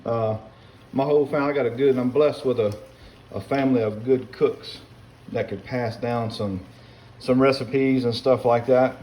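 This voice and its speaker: A man's voice: mid-range voice, fairly even intonation, normal speed, warm tone, low-quality recording. A man chatting casually while he cooks at the stove, rambling and folksy, calling his viewers y'all and son. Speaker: home cook. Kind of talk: casual cooking vlog chat. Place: kitchen, cooking at the stove.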